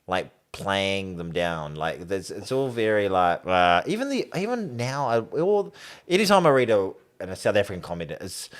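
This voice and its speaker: A man's voice: sits low, sing-song, normal speed, hardly any pauses. A man, co-hosting a casual podcast chat, rambling and laughing as he talks. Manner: rambling, trails off mid-sentence, laughs while talking. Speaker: podcast co-host.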